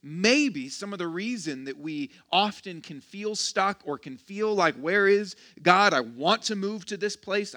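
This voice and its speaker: Bright-voiced casual pastor preaching. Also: male voice, fairly high pitch. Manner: casual, joking, self-deprecating with restarts and laughs. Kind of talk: sermon. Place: church.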